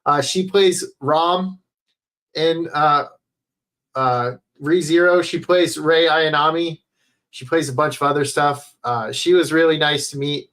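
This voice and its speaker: A man chatting casually on a livestream into a headset mic, rambling, swearing often and filling pauses with "uh". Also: fairly high pitch, fairly even intonation, fairly bright tone. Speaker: streamer.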